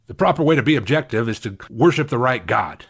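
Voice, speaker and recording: A man's voice: mid-range voice, lively intonation, fast, slightly rough. A man preaching a sermon, emphatic and repeating key phrases for stress. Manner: acts out quoted speakers in shifted voices. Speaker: pastor.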